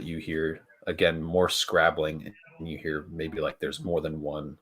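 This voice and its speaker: A man's voice: very deep voice, a bit bright. A man narrating a tabletop role-playing game as game master, searching for words with many restarts and fillers.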